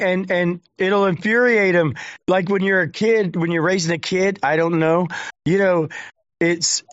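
A man with a slightly high voice tells stories bluntly, swearing as he goes. The sound is dry with no room echo. It is also dull and lo-fi. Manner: profane, blunt storytelling. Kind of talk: casual chat.

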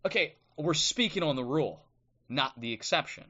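Slightly high and expressive, this man's voice comes across pushed and bright at normal speed, with the highs cut off. As a livestream host on a streaming microphone, he gives blunt, combative live commentary laced with "okay?" before reading from a book.

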